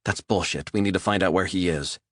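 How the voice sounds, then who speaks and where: A man's voice: deep voice, a little fast, fairly bright tone, no echo, studio quality. A man voicing a blunt, impatient female FBI agent in an audiobook thriller. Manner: blunt, demanding. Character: tough FBI woman, impatient.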